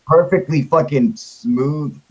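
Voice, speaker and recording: A young man hosting a live stream, telling a story in a rambling, excited way, swearing constantly and piling up fillers. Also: a little high, takes it slowly, breathy edge. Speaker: show host telling his sighting. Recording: muffled lo-fi stream audio.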